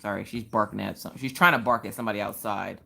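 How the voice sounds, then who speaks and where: A woman hosting a casual live craft stream, chatting in an animated way and answering viewers' comments. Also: extremely low pitch, fast talker, vocal fry.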